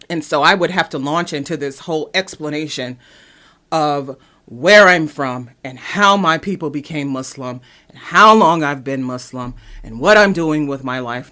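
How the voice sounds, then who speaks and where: A young woman from East Cleveland, Ohio, hosting a podcast and telling personal stories in an animated, emphatic way. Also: normal speed. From East Cleveland, Ohio, USA. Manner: animated storytelling, sharp pitch jumps when emphatic. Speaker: podcast host. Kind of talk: personal commentary monologue.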